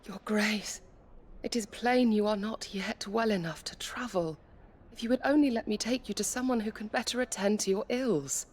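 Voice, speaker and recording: A devoted female attendant, voiced by a woman in a video game, gentle and worried. Her voice is breathy and husky and kept hushed. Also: mid-range voice, normal speed, lightly acted.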